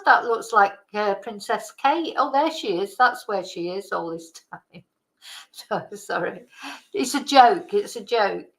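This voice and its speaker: A woman's voice: medium pitch, fairly bright tone, low-quality recording. Chatty woman rambling casually. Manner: chatty, rambling, exclaiming in disgust. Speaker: channel host. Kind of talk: casual chat reacting to old videos.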